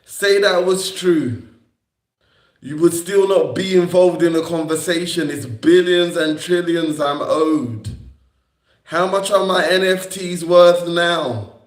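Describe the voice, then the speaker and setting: Slow, confrontational man in an echoey room. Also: fairly high pitch. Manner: confrontational, repetitive, swearing at critics. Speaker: livestreamer. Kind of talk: rambling livestream monologue. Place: indoor room on a livestream.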